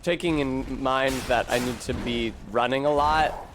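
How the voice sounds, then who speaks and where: A man's voice: mid-range voice, a little slow, background noise. A man streaming a video game, giving casual, profane commentary, talking back to the game and to his chat.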